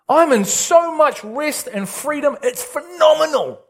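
A male pastor preaching an excitable, animated sermon with big swings in pitch. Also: unhurried.

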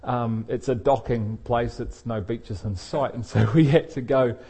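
A man's voice: mid-range voice, steady tone, unhurried, warm tone, breathy edge. A middle-aged man, a pastor telling a personal story in a sermon and laughing often as he speaks. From England.

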